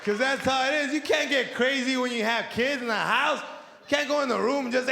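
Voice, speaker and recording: Doing stand-up for a live audience, this middle-aged man has a very high, gravelly voice and talks a little fast. He swears freely and acts out his relatives' voices with animation. The echoey hall is noisy, with a crowd audible behind him.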